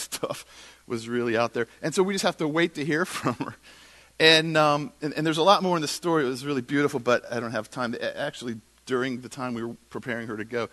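Brief: middle-aged male church speaker, bright-toned, animated anecdotal storytelling. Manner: animated storyteller, quotes others in lowered voice. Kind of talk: storytelling sermon talk.

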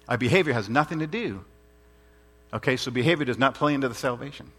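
A man's voice: mid-range voice, fast talker, a bit bright, slightly rough. A man preaching a sermon in an earnest, emphatic way, repeating his points and asking rhetorical questions.

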